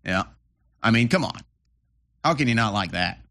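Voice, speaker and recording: Brief: male commentary host, mid-pitched, sarcastic and scornful. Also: expressive, normal speed, fairly bright tone. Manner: sarcastic, mocking. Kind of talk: opinionated commentary over clips.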